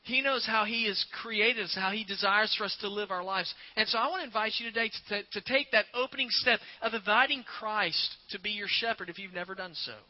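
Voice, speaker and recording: High-voiced man preaching a sermon. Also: dull audio. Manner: earnest, repeats words, slows for emphasis. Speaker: pastor.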